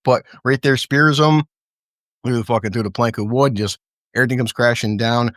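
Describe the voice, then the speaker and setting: A man at a middle pitch talks through an action scene blow by blow, with lots of swearing and laughter. The recording is dry and close, with no room sound. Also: moderate pace, no room sound. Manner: excited, profane, laughing play-by-play. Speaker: show host. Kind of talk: casual recap chat.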